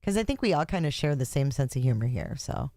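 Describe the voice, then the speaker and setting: A woman's voice: sits low, expressive, fast talker, mellow, no echo. A woman hosting a casual livestream, chatting and joking with her viewers between court sessions. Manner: chatty, joking, talks to chat. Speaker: livestream host.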